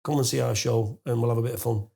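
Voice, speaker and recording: A man in his forties, a podcast guest, telling a long anecdote with lots of fillers and restarts, and getting louder and higher as he laughs through the punchline. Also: fast talker, vocal fry. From England. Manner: animated storyteller, rising to loud laughing disbelief; frequent fillers and restarts, swears casually. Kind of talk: storytelling in a podcast interview.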